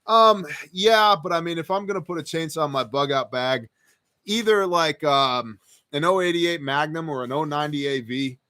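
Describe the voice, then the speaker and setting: A man's voice: on the high side, moderate pace, sharp tone, no room sound. A man hosting a live stream Q&A, reading viewer questions aloud and answering them in a casual, joking, rambling way. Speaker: host.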